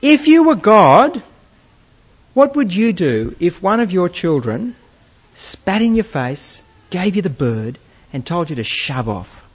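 Man preaching, animated and fairly high-pitched, dull lo-fi recording. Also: slow, husky. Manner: lively storytelling with gentle humour. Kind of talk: sermon.

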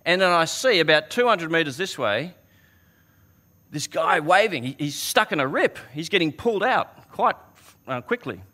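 A man's voice: a little high, big pitch swings, normal speed, sharp tone. A man preaching a sermon, earnest and conversational, often restarting his words as he tells a story.

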